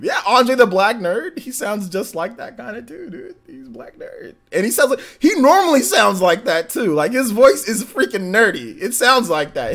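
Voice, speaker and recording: A man's voice: a little high, a bit bright. A young adult man hosting a live-stream Q&A in casual chat, rambling and talking to his chat. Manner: rambling, restarts, talks to chat.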